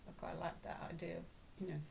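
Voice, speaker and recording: Chatty woman with a gravelly low voice. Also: flat delivery, fast talker, darkish tone, slight background noise. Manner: chatty, laughs often, trails off mid-sentence. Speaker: vlog co-host. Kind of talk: casual chat.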